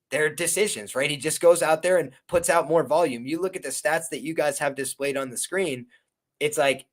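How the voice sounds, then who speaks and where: A man appearing as a guest on a fight-betting show, thinking through his picks out loud in a measured way. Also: fairly high pitch. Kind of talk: casual fight-betting chat.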